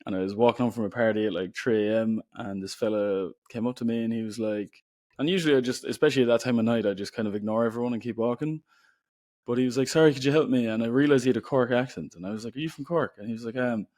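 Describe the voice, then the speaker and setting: Young Irish man, podcast guest; relaxed, chatty storyteller, dry close-mic sound. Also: medium pitch, fast, no room sound. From Ireland. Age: young adult. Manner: relaxed, chatty, many "like" fillers. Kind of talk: casual storytelling.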